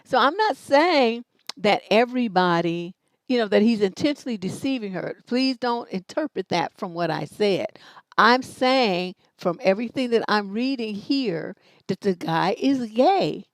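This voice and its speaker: A woman's voice: mid-range voice, expressive, a little slow, no echo. A middle-aged woman hosting a livestream relationship advice show, talking bluntly and with plenty of swearing. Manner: blunt, profane, brash storytelling.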